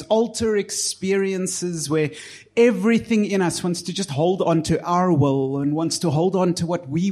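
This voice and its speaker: Earnest preacher with a fairly high voice. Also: male voice. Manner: earnest, building to emphatic peaks then dropping soft. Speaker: pastor. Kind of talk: sermon.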